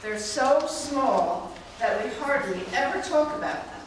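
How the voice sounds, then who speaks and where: Woman performing a conversational stage piece, animated and fairly high, heard far off with noise behind. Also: measured pace, heavy reverb. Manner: earnest, conversational, asking the audience. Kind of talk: scripted stage monologue.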